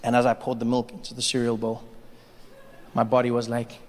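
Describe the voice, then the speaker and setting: A man doing stand-up comedy, telling stories in an animated way and building up to shouting. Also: medium pitch, brisk, in a large hall.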